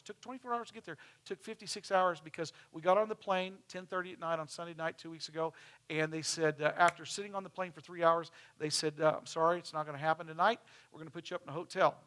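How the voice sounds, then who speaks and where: Bright-voiced chatty preacher. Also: male voice, a little high. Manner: chatty, storytelling, acts out quoted people. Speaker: pastor. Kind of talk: casual sermon, telling stories over slides. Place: church.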